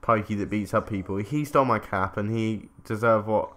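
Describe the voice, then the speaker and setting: Casually swearing and often interrupting himself, an English man rambles chattily through a story during relaxed gameplay commentary. He speaks at normal speed in a fairly low, slightly bright voice.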